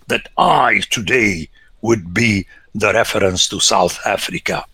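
A priest delivers a biblical talk in a slow, deliberate, rhetorical way. His low, gravelly voice has a husky, bright edge. He jumps from loud outbursts to near whispers, recorded dry and close. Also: dry recording. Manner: emphatic, swings between loud exclamations and hushed whispers. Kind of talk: biblical lecture.

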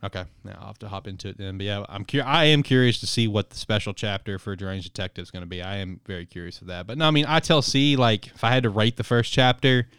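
Brief: laid-back male podcaster, rambling and cussing, smooth mid-pitched voice. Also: quick pace, hardly any pauses, fairly bright tone, no room sound, studio quality. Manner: rambling, filler-heavy, swears freely. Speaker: podcast co-host. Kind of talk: casual chat reviewing a manga.

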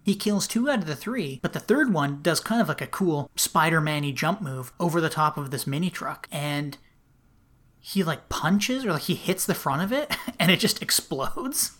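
A man's voice: on the high side, lively intonation, normal speed, fairly bright tone. A man co-hosting a podcast, casually retelling a film plot, chatty with frequent laughs and lots of "like". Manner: chatty storytelling, laughs often, many "like"s. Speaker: podcast co-host. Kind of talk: casual film recap chat.

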